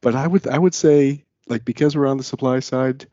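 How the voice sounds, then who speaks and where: A talkative American man, a managing director, is a podcast guest in a casual interview chat. His mid-range, mellow voice holds a steady tone at a brisk pace, recorded with no room sound and the highs cut off. He rambles casually with lots of fillers and restarts.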